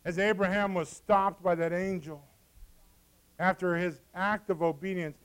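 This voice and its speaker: Male pastor, high smooth voice, dramatic sermon, acts out the story. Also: fairly even intonation, a little slow. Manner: dramatic preaching, acting out scripture dialogue.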